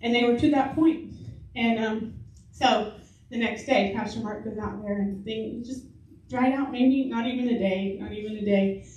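In an echoey church hall, recorded from a distant mic with slight background noise, a middle-aged woman gives a sermon full of chatty stories and frequent laughter. Her fairly high, slightly mellow voice moves at a moderate pace.

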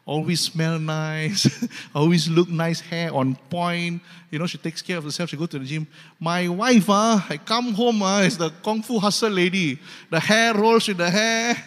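A man's voice: high-pitched, normal speed, a bit bright, long reverb tail. A man voicing a gossipy husband who compares his wife with a friend's in an exaggerated way, with a Malaysian English accent. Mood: mocking. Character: grumbling husband comparing wives.

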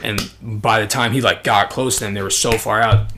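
A man's voice: on the low side, normal speed, background noise. Slangy, profane young man telling a story. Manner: slangy, profane, animated storyteller, full of fillers. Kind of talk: casual storytelling chat.

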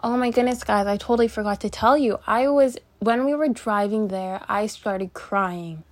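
This young woman hosts a podcast and tells a personal story in a loose, rambling chat full of fillers and restarts. Her voice is mid-range and her pace is moderate.

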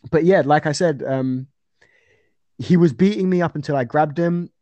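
A man's voice: a little high, unhurried, dark tone, no echo, muffled recording. A young man talking casually as an interview guest about his fights, rambling with fillers and restarts.

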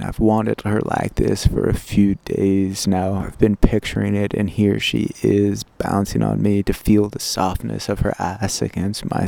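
A man recording an intimate personal audio diary, recounting a memory in a slow, halting, reflective way. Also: lowish voice, creaky, a little mellow. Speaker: diarist. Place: outdoor garden.

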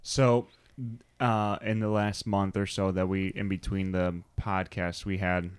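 Man, low voice, dry close sound, casual podcast storytelling. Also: measured pace, clean tone, dry recording. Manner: relaxed storytelling. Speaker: podcast co-host. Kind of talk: casual chat.

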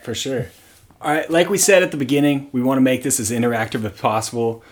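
A young man co-hosting a sports podcast, telling stories in a relaxed, casual chat. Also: medium pitch, fast. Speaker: podcast co-host.

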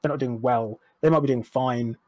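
Here a young interview guest speaks at a normal pace in a steady, mid-range, slightly mellow voice with no room sound. The conversation is candid and personal, and he rambles frankly with restarts and jokes at his own expense.

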